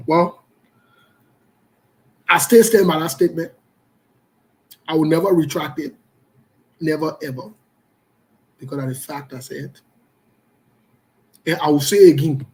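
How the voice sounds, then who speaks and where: A man's voice: fairly high pitch, a little mellow. A man, hosting live online political commentary in a combative, scolding and emphatic way, speaking straight to his viewers.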